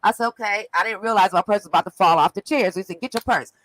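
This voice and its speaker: Woman, casual gossip, lively storyteller, dry close sound. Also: medium pitch, rapid-fire, no room sound, rough recording. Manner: animated storyteller, laughs often, acts out quotes. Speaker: co-host recapping an event.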